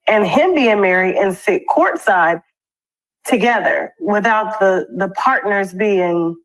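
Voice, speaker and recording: Firm woman interviewer, measured tone. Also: mid-range voice, rough recording.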